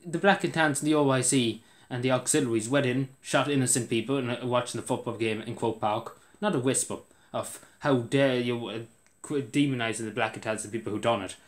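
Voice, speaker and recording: A man's voice: medium pitch, a little fast. An Irish man delivering an indignant political rant to camera, repeating himself for emphasis. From Ireland.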